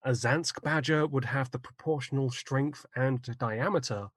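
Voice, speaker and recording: A man with a husky voice recapping a tabletop game session over a video call, with a wry, cheeky manner. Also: medium pitch, measured pace, no echo, studio quality. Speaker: player.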